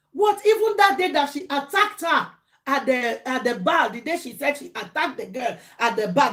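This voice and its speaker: Nigerian woman, mukbang vlogger; high, lively gossip retelling with mimicked voices. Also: moderate pace. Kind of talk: chatty storytelling while eating.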